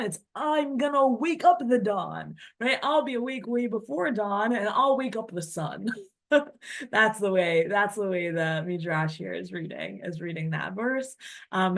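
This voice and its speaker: A woman teaching a class on classical texts, reading passages aloud and translating them in a chatty, animated way. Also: medium pitch. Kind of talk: text study class.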